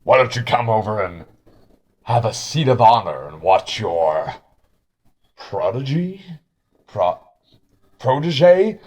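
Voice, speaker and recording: A man voicing a brash male arena showman who teases with a booming voice. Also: sing-song, slow, long pauses, darkish tone, full character voice. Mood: mocking. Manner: booming, teasing.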